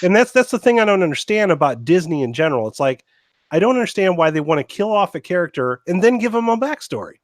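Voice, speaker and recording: A man's voice: high-pitched, very animated, fast talker, no room sound. Give me a ranting, exasperated man in casual podcast chat, with a dry close sound. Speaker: podcast co-host.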